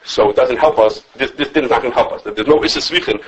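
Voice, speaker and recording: A man who teaches a class on religious law. He lectures with lively animation, thinks aloud, restarts his sentences, and quotes his sources as he takes questions from students. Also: mid-range voice, fast, a little hiss or hum, low-quality recording. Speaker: rabbi teaching a halacha class.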